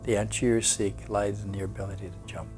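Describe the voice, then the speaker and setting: A man voicing a calm, wise frog mentor in a spoken folk tale, talking slowly and gently. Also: lowish voice, soft background music, close to an everyday voice. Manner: slow, gentle and reassuring.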